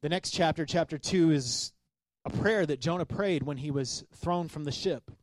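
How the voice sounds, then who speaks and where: A man preaching a sermon as pastor, reading scripture and commenting with animated asides. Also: fairly high pitch, moderate pace, no echo. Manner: animated, acts out the sailors' voices.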